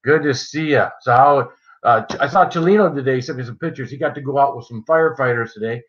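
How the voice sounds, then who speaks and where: A man's voice: medium pitch, quick pace, a bit bright, dull audio. A man hosting a casual livestream, greeting viewers by name in a chatty, joking way. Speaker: livestream host. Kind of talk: casual live-chat greetings.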